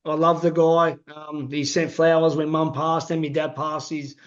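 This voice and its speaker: High-voiced Australian man, muffled lo-fi sound. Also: little pitch movement, normal speed. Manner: affirms often with yeah and wow, chatty. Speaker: interview host, former boxer. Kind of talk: casual interview chat.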